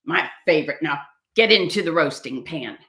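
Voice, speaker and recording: A woman voicing a hungry, scheming male fox who growls his lines in a low voice. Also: lively intonation, normal speed, a bit bright, echoey room. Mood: sly.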